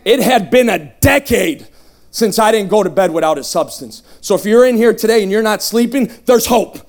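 Shouting high-voiced male evangelist. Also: lively intonation, moderate pace. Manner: emphatic, humorous, shouting at peaks. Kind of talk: testimony sermon. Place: revival tent.

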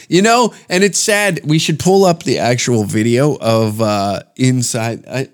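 In this casual podcast rant, a Canadian man rambles on with profanity and ridicule. He speaks in a mid-range voice, a touch slowly, with few pauses.

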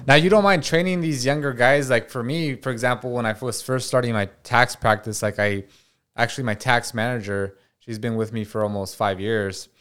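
A man with a fairly low voice hosts a casual podcast interview. He listens closely and keeps chiming in with short words of agreement. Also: a bit bright, clear, resonant tone. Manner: attentive, frequent short affirmations. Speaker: podcast host, tax practice owner.

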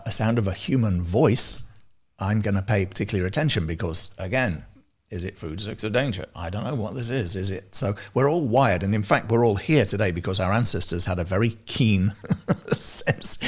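A man being interviewed over a video call, talking casually and animatedly about his music service, often restarting his sentences. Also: lowish voice. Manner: animated, restarts often, laughs between points. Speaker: guest, music service founder.

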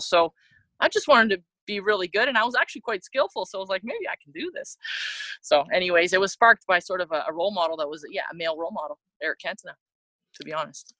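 A woman from Canada speaking in a bright, clear voice. She tells her own story in a candid, reflective way, often restarting her sentences. The sound is close and dry. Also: on the low side, no echo, low-quality recording. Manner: reflective, with frequent restarts and laughs. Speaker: interview guest, former soccer player.

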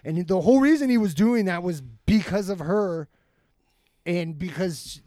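A man's voice: sits high, moderate pace, warm tone, no echo, studio quality. Profane, laughing storyteller man. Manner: profane, laughing often, acts out quotes. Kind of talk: casual chat, storytelling.

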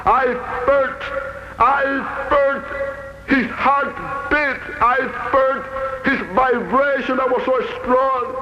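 A man telling his testimony as a sermon, earnest and halting, repeating his phrases for weight. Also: very high-pitched, highs cut off, a little hiss or hum. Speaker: speaker giving a testimony.

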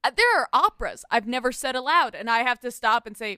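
A woman's voice: fairly high pitch, lively intonation, quick pace, pushed and bright, clean tone, no room sound, clean studio sound. A woman co-hosting a podcast in casual chat, telling wry stories and teasing her co-host.

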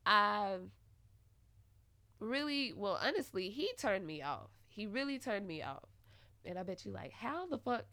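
A young adult woman hosting a podcast in a casual personal monologue, candid and full of slang and swearing, swinging from quiet musing to loud venting. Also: medium pitch, no echo. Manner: heavy slang and swearing, dramatic retelling. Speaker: podcast host.

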